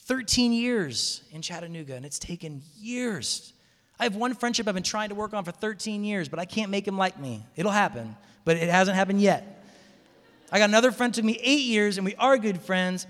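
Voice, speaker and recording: Casting note: man, high voice, animated storyteller giving a casual sermon to a live audience, long hall reverb. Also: normal speed. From Seattle area, USA. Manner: animated storytelling, frequent restarts. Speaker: campus minister speaking to students. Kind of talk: conversational sermon talk.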